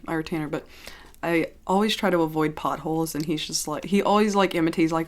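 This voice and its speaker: A woman in her thirties, originally from Pennsylvania, talks openly to her viewers in a loose, rambling vlog chat. Her voice sits low for a woman, and she keeps circling back with "um" and "like" as she gathers her thoughts. It sounds like an ASMR host dropping the whisper to speak plainly. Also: fast talker. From Johnstown, Pennsylvania, US. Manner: rambling and candid, many fillers like "um" and "like". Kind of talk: casual chat update vlog.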